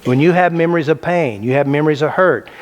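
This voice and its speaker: A man's voice: fairly high pitch, fast. A middle-aged man teaching a self-help talk to a live audience in a preachy way, firing rhetorical questions at the room.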